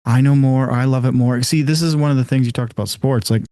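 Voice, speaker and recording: A man's voice: medium pitch, fairly even intonation, fast, mellow, no echo, studio quality. A man co-hosting a podcast in a laid-back, casual chat, often acting out little quoted exchanges. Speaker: podcast co-host.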